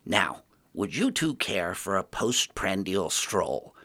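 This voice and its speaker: A man's voice: deep voice, sing-song, slow, pushed and bright, slightly rough, no echo, heavily acted. A man voicing a flamboyant vampire duke who speaks in a courtly, theatrical manner. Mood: moved.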